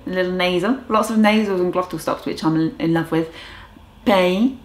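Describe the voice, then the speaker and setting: A woman's voice: lowish voice, fairly even intonation, normal speed. A young woman chatting casually in a vlog about her language learning, enthusiastic and trying out foreign words aloud. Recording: roomy echo.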